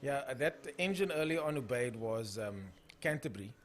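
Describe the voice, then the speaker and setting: A man's voice: mid-range voice, animated, normal speed, a little hiss or hum. A young man with a South African accent hosting a casual live stream of drag racing, calling the races and chatting through viewer comments.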